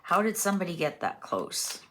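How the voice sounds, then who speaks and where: A woman with a notably low voice reads tarot cards aloud in a loose, chatty way. She muses as she goes and leans on fillers between the card names. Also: sing-song, normal speed, noisy background. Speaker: tarot reader. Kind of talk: casual tarot reading monologue.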